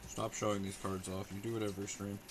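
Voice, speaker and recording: Young male streamer with a low-set voice who rambles sarcastically at chat; noisy home stream audio. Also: little pitch movement, quick pace. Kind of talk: casual live-stream chat.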